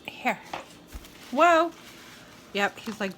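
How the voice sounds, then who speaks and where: Bright, lively woman cooing at birds. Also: a little high, a little slow, slight background noise. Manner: cooing, laughing, baby-talk to birds. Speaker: vlogger feeding pet birds. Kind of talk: casual chat to pets.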